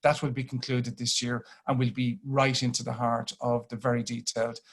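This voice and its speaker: A man's voice: mid-range voice, monotone. Irish guy presenting on a video call, keeps stopping and restarting. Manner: halting, restarts phrases often. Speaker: grid company chief executive. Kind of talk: webinar presentation. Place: home office on a video call.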